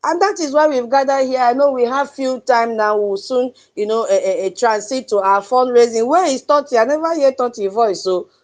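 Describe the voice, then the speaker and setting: A woman's voice: fairly high pitch, fairly quick, hardly any pauses. A woman with a Nigerian accent hosting an online audio space, speaking in an emphatic, preachy advocacy style. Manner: chanting drum sounds, emphatic and preachy, laughs often. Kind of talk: impassioned advocacy talk.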